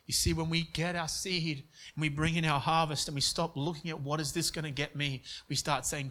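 A man preaching with a slightly high voice, telling a personal story in an earnest way. He restarts often and stumbles over his words as he goes. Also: flat delivery, brisk, hardly any pauses, pushed and bright. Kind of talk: sermon story.

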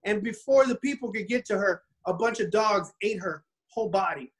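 Man rambling through an animated story. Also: high voice, moderate pace, low-quality recording. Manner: animated, rambling retelling with many restarts. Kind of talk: casual storytelling chat.

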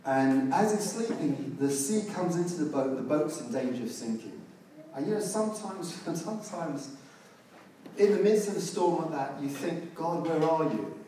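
A man preaching a sermon in a very echoey church hall, heard from some distance. He tells the story at an easy pace and rises to loud, emphatic peaks. Room noise is clearly audible behind him. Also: fairly high pitch, expressive, moderate pace.

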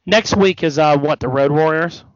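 A man's voice: fairly high pitch, normal speed, no echo. A man co-hosting a casual wrestling talk show, retelling stories animatedly and swearing freely. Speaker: podcast co-host. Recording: dry, dull lo-fi sound.

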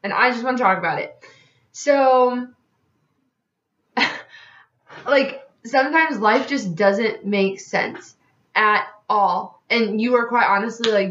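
A woman's voice: medium pitch, fairly even intonation, measured pace, a bit bright, slight background noise. A young woman hosting a podcast, talking frankly and rambling, upset and close to tears. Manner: rambling and frank, heavy use of "like". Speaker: podcast host. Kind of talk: candid casual vlog talk. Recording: roomy, dull lo-fi sound with faint music.

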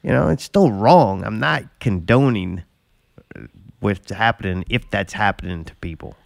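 A man's voice: fairly low pitch, a little slow, creaky, dry recording, studio quality. A man hosting a podcast who talks in a blunt, rambling way, swearing freely as he chats. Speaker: podcast host. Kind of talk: casual chat.

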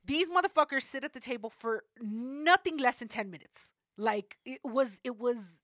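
A young woman co-hosting a podcast, telling stories loudly and brashly, with plenty of swearing. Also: on the high side, animated, moderate pace, no room sound, clean studio sound. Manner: loud, brash storytelling with heavy swearing. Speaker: podcast co-host. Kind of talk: casual chat.

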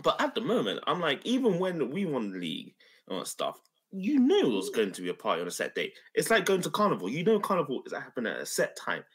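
A man's voice: medium pitch, huge pitch swings, fast talker, a bit bright, slightly rough. A young man co-hosting a football podcast, jumping in over others and repeating himself to hold the floor. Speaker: podcast co-host. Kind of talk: casual football banter.

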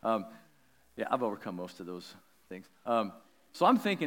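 A man preaching a sermon, telling a personal story in an animated, chatty way with lots of likes and ums. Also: on the low side, normal speed, pauses often, big-room sound. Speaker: pastor.

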